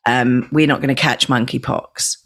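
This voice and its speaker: A woman in her forties with an Australian accent, hosting a casual podcast chat and telling stories with animated swings of voice. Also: moderate pace. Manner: animated, swoops high when quoting herself. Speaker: podcast host.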